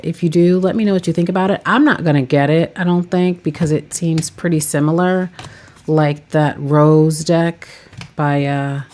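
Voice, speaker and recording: A woman's voice: sits low, steady tone, moderate pace, a little mellow. A woman chatting casually about her tarot decks, rambling and saying "like" a lot. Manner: chatty, rambling, says "like" often. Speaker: tarot reader and vlogger. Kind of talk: casual chat.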